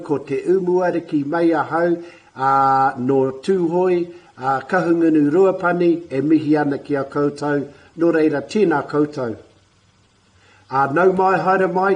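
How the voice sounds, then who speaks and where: A man, coaching te reo learners in a casual talk to camera, repeating words slowly and clearly. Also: a little high, poor audio. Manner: warm, encouraging, repeats words slowly for pronunciation.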